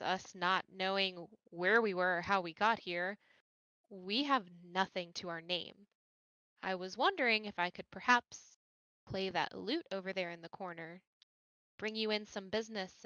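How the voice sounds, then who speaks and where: A woman taking part in a tabletop game, asking politely and earnestly in character. Her voice is bright and sounds close and dry. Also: medium pitch, unhurried, clean tone, no room sound, muffled recording. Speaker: player.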